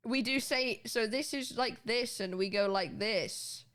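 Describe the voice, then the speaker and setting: A young British woman streaming and chatting casually with her chat, animated and quick to laugh, with casual swearing. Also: fairly high pitch. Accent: British English. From United Kingdom. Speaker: livestreamer.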